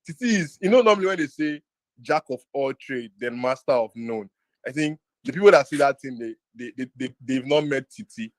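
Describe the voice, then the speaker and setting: A Nigerian man co-hosting an online webinar, talking fast and excitedly, mixing in Pidgin, laughing and repeating words. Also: on the high side, no room sound. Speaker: webinar co-host. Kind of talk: excited casual chat with Pidgin.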